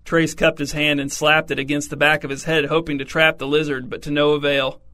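A man narrates a comic story in a wry, deadpan manner. His voice sits a bit high and bright. He keeps a flat, even contour throughout. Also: brisk. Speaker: audiobook narrator.

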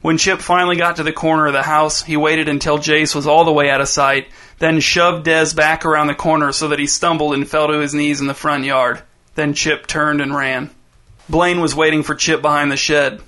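A male storyteller narrates at an even, measured pace. His voice is bright and sits a bit high for a man, clear and steady through long passages. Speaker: audiobook narrator. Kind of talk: scripted narration.

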